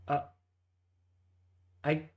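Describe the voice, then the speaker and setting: A man's voice: drawn-out words, lo-fi sound. A man narrating a tabletop game as game master, hesitant, with frequent fillers and restarts.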